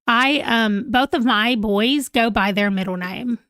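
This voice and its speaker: Woman, 30s, livestream host at home; giggly, conversational, slightly high voice, dry close sound. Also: a little slow, a bit bright, no room sound. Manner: chatty and giggly, reacting to viewer comments. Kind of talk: casual livestream chat reading comments. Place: home room, holding a pet.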